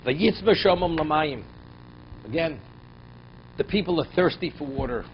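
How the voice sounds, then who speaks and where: Rabbi guy teaching a class, kinda high voice, swings loud and quiet, dull lo-fi recording w faint hiss. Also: animated, normal speed. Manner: reads Hebrew verses, then explains in English with rhetorical questions; voice rises and drops sharply for emphasis. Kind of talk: Torah class, translating and explaining verses.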